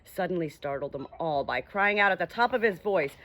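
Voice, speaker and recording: A woman reading a children's story aloud with gentle, expressive narration. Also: on the low side, brisk, hardly any pauses. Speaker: audiobook reader.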